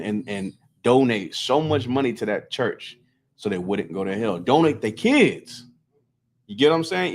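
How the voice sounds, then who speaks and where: A man's voice: fairly low pitch, darkish tone. A man teaching scripture to a small group in a loose, conversational way, often checking that listeners follow.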